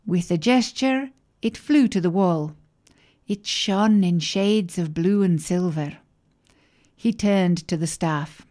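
A woman narrating a children's story in a gentle, clear and deliberate way. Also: lowish voice.

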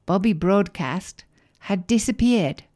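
A woman narrating a children's story in a gentle, clear and deliberate way. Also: medium pitch, animated.

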